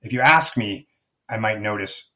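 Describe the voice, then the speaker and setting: A man's voice: on the low side, moderate pace, sharp tone. A middle-aged man speaking as a life coach guest in an interview, thoughtful and searching, often restarting his sentences. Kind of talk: reflective conversational interview.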